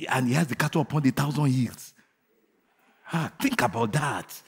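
A man preaching a fervent sermon who asks his congregation questions and leads them in shouted declarations. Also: medium pitch, normal speed, slightly rough. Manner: asks the crowd rhetorical questions. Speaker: pastor.

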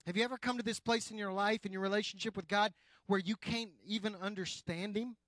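A male pastor preaching a sermon, addressing the congregation directly and swinging from loud emphasis to quiet, slow lines. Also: sits high, steady tone, dry recording.

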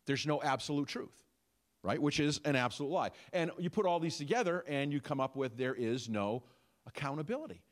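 Animated male preacher, lively pitch. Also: a little fast. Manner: animated preaching with rhetorical questions. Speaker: pastor. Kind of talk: sermon.

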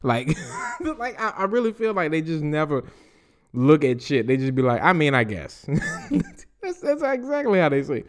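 A man's voice: a little high, wildly swooping pitch, unhurried, pauses often. A man with a Southern US accent hosting a podcast, reading news stories aloud and riffing on them with loose, profane commentary. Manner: reads news aloud and riffs with laughs and profanity. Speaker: podcast host.

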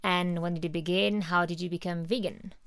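A woman's voice: on the low side, fairly even intonation, a little fast, a bit bright, clean tone, dry recording. A woman interviewing a guest, giving brief, encouraging responses between her questions.

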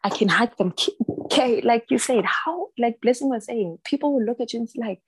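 A woman's voice: on the high side, lively intonation, brisk, slightly rough, no echo, poor audio. A young woman talking frankly in a casual chat, laughing often and acting out what people said to her.

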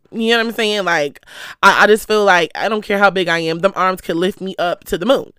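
A lively vlogger spills gossip to the camera, cursing often and jumping between stories. The voice comes across bright and smooth, recorded dry and close on a stand mic in a small room at home. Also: medium pitch, moderate pace, no room sound. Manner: animated, profane, gossipy storytelling. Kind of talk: casual chat to the camera. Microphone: stand mic close to the speaker.

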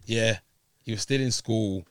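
A man's voice: on the low side, a little slow, clear, resonant tone, dry recording. Young guy, dry close mic, slangy storytelling, laughs a lot. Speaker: guest. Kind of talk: casual chat.

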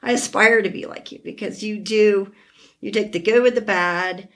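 A woman hosting a podcast, talking with a close friend in an emotional, heartfelt way, teary and halting at times. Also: mid-range voice. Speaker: podcast host. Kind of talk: emotional casual chat.

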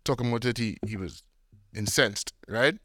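A man's voice: medium pitch, normal speed, sharp tone, dry recording, studio quality. A man hosting a casual podcast chat, steering the topics and asking his co-host for his views. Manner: steers the topic, lots of short agreeing "mm" and "yeah".

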